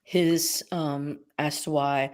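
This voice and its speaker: Chat guest, mid pitch, reflective and chuckling, loose delivery. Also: steady tone, slow pace, darkish tone. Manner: chuckling, musing. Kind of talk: casual group chat.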